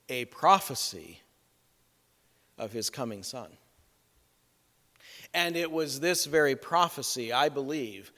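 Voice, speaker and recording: A male pastor preaching a sermon, telling a scripture story in a folksy way with little jokes and asides. His voice sits high for a man. A long reverb of a church hall follows every phrase. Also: a bit bright.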